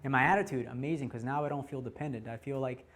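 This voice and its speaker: A man in his forties teaching a class by telling his own story, animated and laughing often. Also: medium pitch, quick pace. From United States. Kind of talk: personal storytelling talk.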